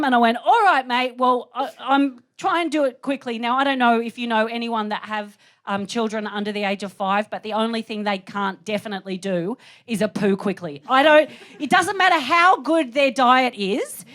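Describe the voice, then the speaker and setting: A woman in her thirties from Australia with an Australian accent, telling a stand-up story in an animated, self-deprecating way. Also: on the high side. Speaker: stand-up comedian.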